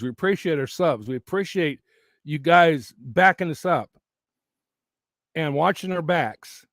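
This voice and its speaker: Recorded right up against the microphone with studio quality and no room sound, this slightly high male voice belongs to a YouTuber doing a relaxed live chat from home. He rambles, keeps restarting, laughs a lot, and sounds like his voice is getting tired.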